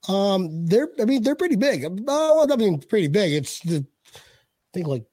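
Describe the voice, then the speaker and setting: A man's voice: high-pitched, big pitch swings, normal speed, mellow, no room sound. A man hosting a casual sports fan chat, joking and rambling with restarts. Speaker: podcast host.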